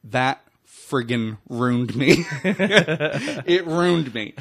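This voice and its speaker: A man in his forties, a radio DJ, talking casually in a studio interview with a medium-pitched voice. He tells his stories candidly and pokes fun at himself, often stopping to restart his sentences. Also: extremely slow, a bit bright. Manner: candid, self-deprecating storytelling with many restarts. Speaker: radio DJ and station owner.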